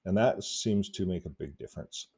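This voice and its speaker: A man talking casually to camera in a relaxed, rambling vlog, often chuckling between points. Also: deep voice, normal speed, breathy edge. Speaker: YouTube activist vlogger.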